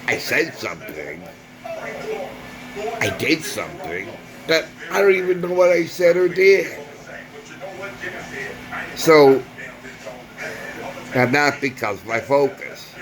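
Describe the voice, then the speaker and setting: A man's voice: medium pitch, very animated, slow, long pauses, over music, rough recording. A man talking through a personal grievance in a vlog monologue, earnest and repetitive, sometimes searching for words. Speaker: vlogger.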